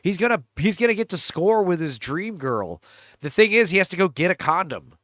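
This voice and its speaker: A man's voice: sits high, very animated, a little fast, fairly bright tone, dry recording, clean studio sound. A man hosting a casual movie riff, rambling with lots of fillers and laughs, cracking crude jokes. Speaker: podcast host riffing on a movie trailer. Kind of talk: casual chat.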